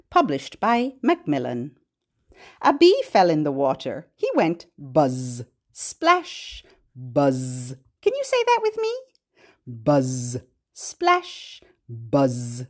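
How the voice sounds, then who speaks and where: A woman hosting a baby podcast, singing rhymes and reading a picture book aloud in a sing-song storytime voice with animal sounds. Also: high voice. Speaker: podcast host reading to babies.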